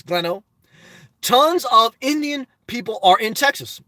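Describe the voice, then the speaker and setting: A man's voice: very high voice, animated, unhurried, sharp tone, dry recording. A man reading chat on a phone live stream, talking politics in an emphatic casual way. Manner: emphatic, repeats "okay?" and "good job".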